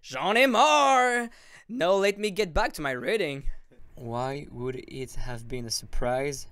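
A man voicing a grumpy male Frenchman with a put-on French accent, slow and exasperated. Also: a little high, fairly bright tone, smooth, dry recording.

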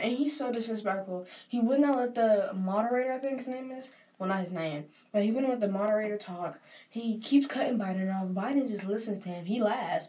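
Far from the mic, a young Southern US vlogger chats while she gets ready, her voice fairly high-pitched with a darkish tone. She's casual and emotional, wandering from thought to thought and dropping "like" constantly.

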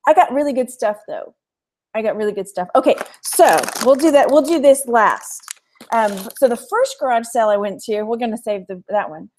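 A woman's voice: on the high side, lively intonation, moderate pace, darkish tone. A chatty woman with a Texan accent hosting a live thrift haul stream, laughing often and reading viewer comments aloud. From Texas. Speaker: thrift haul livestream host. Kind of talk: casual live-stream chat.

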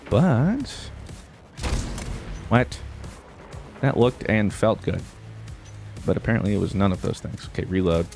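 A man giving casual gameplay commentary as a YouTuber, excitable, yelping and talking to himself as he plays. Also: lowish voice, a little slow, long pauses, faint music behind. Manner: excitable, yelps and exclaims, talks to himself. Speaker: gaming YouTuber.

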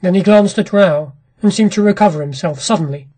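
A woman reading a classic short story aloud in a measured, dramatic narration. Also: mid-range voice, dark tone, husky.

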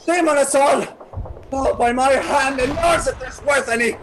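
An actor playing a hot-tempered army captain with an Irish accent, blustering and agitated. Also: male voice, very high voice, normal speed, noisy background. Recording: battle sound effects behind.

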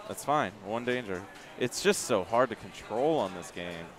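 A man explaining pinball strategy and standings as a tournament commentator, working through the numbers out loud. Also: lowish voice, lively intonation, normal speed, music in the background. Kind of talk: analytical commentary. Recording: crowded venue behind.

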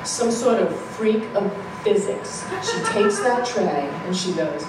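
A woman from Rhode Island with a Rhode Island accent, telling a personal story on stage in an animated, laughing, self-mocking way. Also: mid-range voice, slow pace, very noisy. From Rhode Island, USA. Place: live storytelling show. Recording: echoey live venue from far off.

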